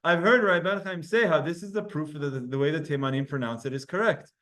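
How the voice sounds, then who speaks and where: A man leads a Talmud lesson for a room of students. His voice sits fairly high, and he explains in an animated way, sounding out letters to show his point. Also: fast talker. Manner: animated, explains with spoken demonstrations. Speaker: Torah teacher. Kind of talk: Talmud class lecture.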